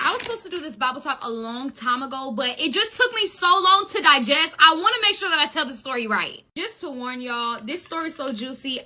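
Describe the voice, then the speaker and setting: A woman hosting casual Bible storytelling, chatty and animated, full of slang. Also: high voice. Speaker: host.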